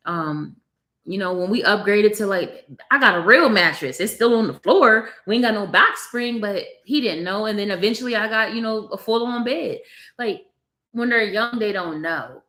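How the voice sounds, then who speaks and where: At home with her baby on her lap, a young mother of three vlogs candidly to her viewers, confiding and near tears. Her medium-pitched voice moves at a moderate pace and sounds pushed and bright.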